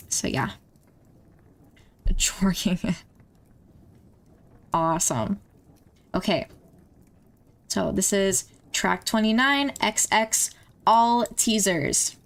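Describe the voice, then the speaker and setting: Slow-talking young woman reacting casually. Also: mid-range voice, clear, resonant tone. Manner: chatty and emotional, laughing and gasping. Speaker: streamer reacting to music videos.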